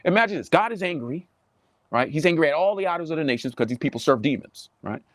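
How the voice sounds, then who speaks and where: A man preaching to camera in a Southern US accent, animated and mocking, often repeating himself. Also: a little high, quick pace, dry recording, clean studio sound. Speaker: pastor. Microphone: webcam or phone on a desk, livestream.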